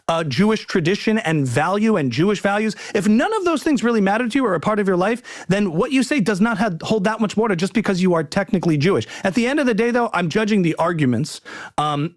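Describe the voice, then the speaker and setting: A male comedian as podcast guest, arguing emphatically in a heated conversation and repeating words as he starts sentences. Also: high voice.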